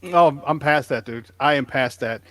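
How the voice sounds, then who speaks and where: A man's voice: mid-range voice, normal speed, a bit bright. A man in his forties, a podcast co-host and former player and coach, chatting casually about sports. He tells stories with energy, acts out quotes and swears freely.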